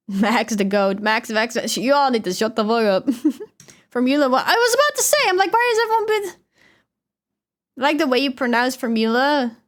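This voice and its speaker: A young Dutch woman from the Netherlands chats casually on a livestream, reading out messages from chat. Her voice is fairly high and animated at a normal speed, and she talks loosely, swearing and laughing often.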